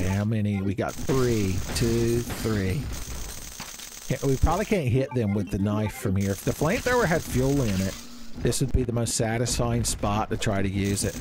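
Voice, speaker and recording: A man's voice: medium pitch, noisy background. A man doing joking, rambling gameplay commentary, calling listeners son. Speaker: let's play host. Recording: game music behind voice.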